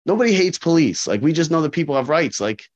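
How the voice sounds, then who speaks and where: Through slightly dull lo-fi audio comes a corrections officer with a fairly high, quick-paced voice, casually sharing stories in an interview. He acts out conversations with animation and hammers points home by repeating them.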